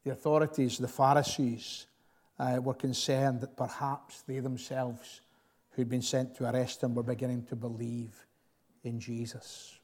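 A man preaching a sermon in an earnest, emphatic way, often pausing with fillers and repeating words as he builds a point. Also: mid-range voice, level tone, a little mellow. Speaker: pastor.

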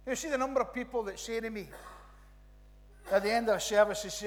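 A Scottish pastor from the West Coast delivers a chatty, animated sermon, circling back with restarts and asides. His voice is bright and pitched high for a man. The hall around him rings with a long echo. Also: quick pace. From Scotland. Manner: animated, rambling with restarts and "you know, right?" asides. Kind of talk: conversational sermon. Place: church.

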